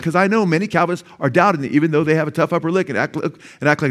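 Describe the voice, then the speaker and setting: A male pastor preaching a sermon to his congregation, telling a story with rising excitement and a voice that climbs high when moved. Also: quick pace, few pauses. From United States. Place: church sanctuary.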